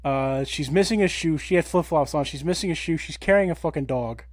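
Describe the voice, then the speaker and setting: Man, 30s, podcast co-host, lively profane storytelling, higher voice, dry close sound. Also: brisk, no echo. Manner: animated, profane, acts out quotes. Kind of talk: casual storytelling.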